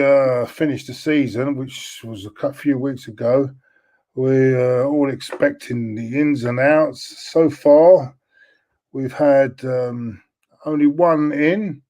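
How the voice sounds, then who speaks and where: A tired man hosting a late-night football chat over a video call, his voice at an ordinary middle pitch. He talks hesitantly, filling pauses with ums and uhs. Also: darkish tone. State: tired, can't sleep. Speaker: host.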